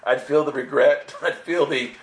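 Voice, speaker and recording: A man giving an earnest, animated personal spiritual testimony, full of restarts. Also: mid-range voice, moderate pace, slight background noise. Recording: echoey room.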